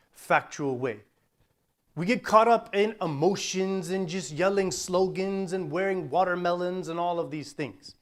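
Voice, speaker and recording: A man serving as imam, giving a Friday sermon in an urgent, forceful manner and reciting Quran verses in Arabic. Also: fairly high pitch.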